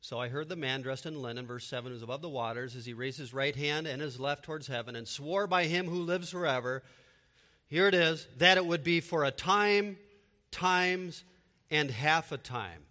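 A man's voice: a little high, normal speed, bright, forceful tone, long reverb tail. A man preaching a sermon with emphatic delivery and repeated rhetorical questions. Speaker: pastor.

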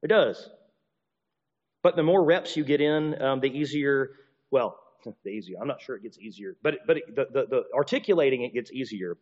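A man's voice: medium pitch, moderate pace. A man preaching a sermon, talking animatedly with frequent restarts and repeated words, acting out apologies in shifting voices. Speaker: pastor or teacher. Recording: dull recording with long reverb.

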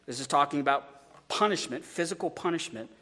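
A man's voice: on the high side, a little fast, sharp tone, big-room sound. A man preaching a sermon as a pastor, conversational, with stumbling repeats and joking asides.

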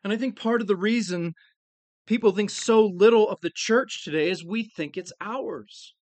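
A man preaching a sermon, earnest and emphatic, leaning on key words with slow stressed phrases. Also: high-pitched, darkish tone, dry recording.

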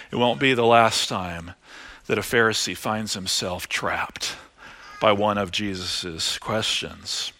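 Animated male preacher, slow and bright. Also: medium pitch. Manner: animated, rising to loud emphasis then dropping to hushed asides. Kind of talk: sermon.

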